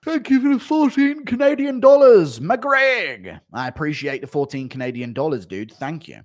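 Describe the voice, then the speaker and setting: A man's voice: a little high, animated, normal speed. A man on a casual livestream, reading out donations and chat. He laughs often and swears freely.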